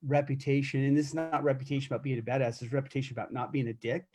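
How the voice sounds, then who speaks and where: Talking very fast in a mellow voice of medium pitch with little pitch movement, a middle-aged man tells profane, candid tales of his corrections officer years. A self-defense instructor, he restarts often in this casual live chat.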